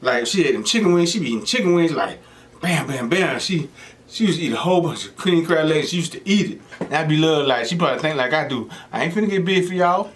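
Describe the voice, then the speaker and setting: A young man talks casually to his viewers between bites, and his pitch leaps and falls as he tells stories. He keeps slipping into quick impressions of the people he quotes. A faint hiss of room noise sits under his close-miked voice. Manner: animated storytelling, mimics voices of people he quotes. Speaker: mukbang host. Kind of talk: casual chat while eating.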